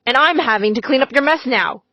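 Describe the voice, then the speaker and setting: A woman's voice: high-pitched, animated, fairly quick, sharp tone, no echo, heavily acted. A woman voicing a threatening middle-aged male school principal who snaps and gives orders. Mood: menacing. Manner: threatening, snapping, cold. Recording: slightly dull, dry recording.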